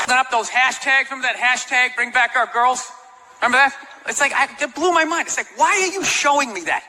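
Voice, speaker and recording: Loud ranting male stand-up comic. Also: very high-pitched, lively intonation, fast, heavy background noise. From United States. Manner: ranting, sarcastic, often shouting. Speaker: stand-up comedian. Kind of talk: stand-up comedy set. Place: comedy club stage before an audience. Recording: live club recording with crowd laughter.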